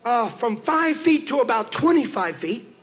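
A man preaching a sermon, telling a story and building to shouted emphasis as he calls on the congregation. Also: very high-pitched, big pitch swings, measured pace, low-quality recording. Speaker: pastor. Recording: 1990s church sermon tape with faint hiss.

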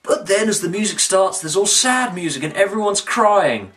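A man narrating a comic review with mock-dramatic flair and sudden over-the-top outbursts. His voice is bright and sits a little high. The mic sounds slightly distant, with faint music underneath. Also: expressive, moderate pace. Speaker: video reviewer. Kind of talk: comic commentary.

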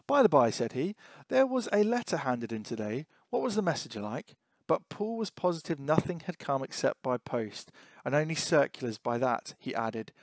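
An English teacher reads novel passages aloud, pausing to annotate them for students in loose, think-aloud commentary packed with fillers and rhetorical questions. His medium-pitched voice is recorded close and dry, with no echo or room sound.

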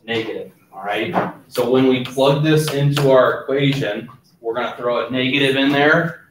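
A man teaching a chemistry class in a relaxed lecture style, often stopping to ask if there are questions. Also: medium pitch, normal speed, far from the mic, a little hiss or hum. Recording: roomy classroom, voice from off-mic.

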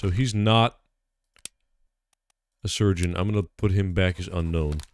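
A man's voice: sits low, a little slow. A man streaming a game, thinking aloud casually and exclaiming when things go wrong. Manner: animated, exclaims and swears. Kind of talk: casual gaming commentary.

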